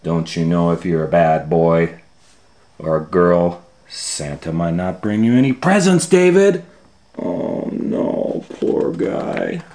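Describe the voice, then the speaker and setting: A man hosting a children's storytime and reading a picture book aloud in an expressive way, swinging from loud scolding calls to hushed asides. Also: low voice, a little slow.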